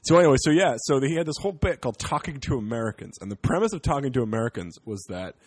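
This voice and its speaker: A man's voice: medium pitch, expressive, racing, a little mellow, husky, no room sound. A man from Canada, a comedian, rambling and joking in casual podcast chat with some swearing.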